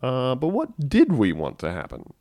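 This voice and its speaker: A man co-hosting a podcast, sardonic and crude, with quick joking interjections. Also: medium pitch, huge pitch swings, warm tone, no echo, clean studio sound. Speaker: podcast co-host. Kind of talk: casual podcast chat.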